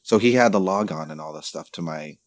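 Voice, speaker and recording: A man's voice: low voice, brisk, slight background noise. A young man hosting a podcast, telling a long personal story in casual chat and swearing freely. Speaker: podcast host.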